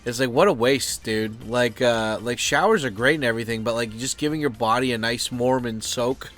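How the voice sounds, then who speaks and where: A man's voice: mid-range voice, moderate pace, a bit bright. An American man chatting loosely and off-topic, full of fillers, swearing and asides. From United States. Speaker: vlogger. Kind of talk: rambling casual chat.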